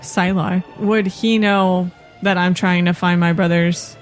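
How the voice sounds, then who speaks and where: Woman playing a tabletop rpg, short plain lines, soft music behind. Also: lowish voice, steady tone, unhurried. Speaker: player. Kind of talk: tabletop role-play.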